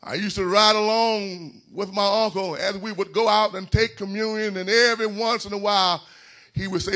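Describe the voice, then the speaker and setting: A man preaching a sermon in a church, building into whooping shouts. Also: sits high, steady tone, normal speed. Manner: whooping call-and-response preaching, rising into shouts.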